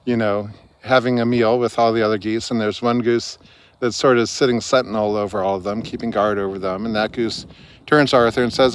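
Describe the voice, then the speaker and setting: A man's voice: medium pitch, fairly even intonation, normal speed, slight background noise. A man talking through a book summary in a loose, conversational way, with frequent fillers and restarts. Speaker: book reviewer. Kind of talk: casual spoken book summary.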